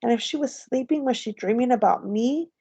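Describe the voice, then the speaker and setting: A woman teacher reading a novel aloud to her class in a gentle, unhurried storytelling manner. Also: fairly high pitch, husky, no room sound. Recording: slightly dull, dry recording.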